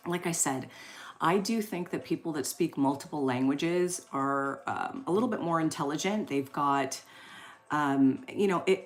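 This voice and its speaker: A woman in her forties with a low, easy voice hosts a live stream. She reads out viewer comments and chats on about them at length. Her talk rambles, full of fillers and small laughs. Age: 40s. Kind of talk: casual live chat reading viewer comments.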